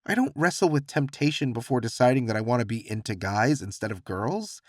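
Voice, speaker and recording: A man's voice: mid-range voice, lively intonation, a little fast, dry recording, studio quality, lightly acted. A man narrating an audiobook voices an anxious young gay man whose tight, warbling voice pleads on the edge of tears. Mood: pleading.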